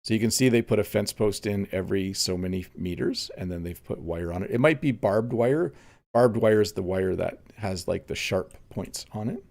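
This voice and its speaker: Gravelly-voiced Canadian man teaching casually. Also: fairly low pitch, moderate pace. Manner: relaxed, chatty, answers viewer comments. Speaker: English teacher. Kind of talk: live-stream lesson while playing a game.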